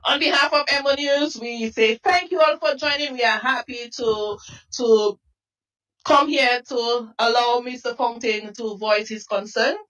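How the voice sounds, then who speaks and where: A woman's voice: a little high, measured pace, fairly bright tone. Woman reporter on a distant mic. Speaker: news reporter. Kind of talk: field interview.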